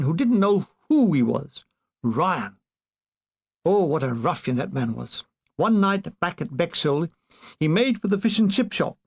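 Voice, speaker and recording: A man reading a war memoir aloud as an audiobook, telling it in a wry, expressive way. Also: sits high. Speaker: audiobook reader.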